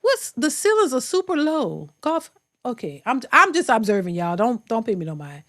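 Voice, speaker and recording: A woman's voice: fairly high pitch, big pitch swings, moderate pace, fairly bright tone. A woman hosting a reaction channel, giving sassy, incredulous commentary straight to her viewers.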